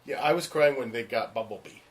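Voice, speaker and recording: Man, actor, casual storyteller; lively, blunt, acts out others' lines, mid-range voice. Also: medium pitch, a little fast. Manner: animated, acts out the voices of people in his stories; frank and emphatic. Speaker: stage and screen actor.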